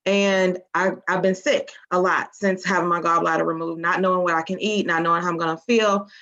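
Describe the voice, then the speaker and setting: A woman's voice: on the low side, fairly even intonation, a little fast, a bit bright. Earnest woman, dull lo-fi sound. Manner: earnest, emotional. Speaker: team member. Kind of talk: personal testimony on a group call.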